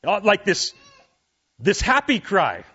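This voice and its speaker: A man's voice: high-pitched, very animated, takes it slowly, pushed and bright, breathy edge, dull audio. A male pastor preaching a sermon in a conversational way, his voice rising and falling with feeling as he asks the congregation questions.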